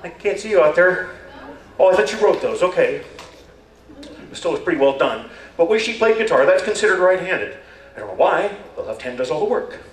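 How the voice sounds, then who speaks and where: A man's voice: high voice, fairly quick. Wry older man telling stories on stage. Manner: wry, deadpan, rambling. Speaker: stand-up performer. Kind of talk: stand-up storytelling. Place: stage at a community talent show. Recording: echoey hall, voice far from mic, faint ambience.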